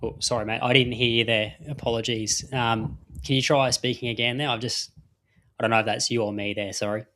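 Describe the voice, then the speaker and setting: Aussie bloke hosting a live fantasy footy stream, chatty and upbeat, says sorry a lot, middle pitch. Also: male voice, fairly even intonation, a little fast, bright, forceful tone. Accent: Australian. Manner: chatty, apologetic, upbeat promo patter. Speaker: podcast host. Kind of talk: live fantasy sports show.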